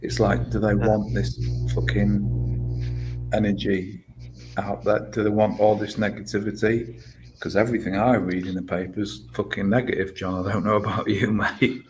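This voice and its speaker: A man's voice: lowish voice, little pitch movement, poor audio. A man in casual stream chat, rambling and swearing as he talks things through. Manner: rambling, swears a lot, slow and emphatic.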